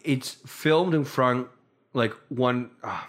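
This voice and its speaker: A man's voice: medium pitch, takes it slowly, a bit bright. A man from Canada co-hosting a casual podcast, telling stories in a rambling way with frequent restarts. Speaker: podcast co-host.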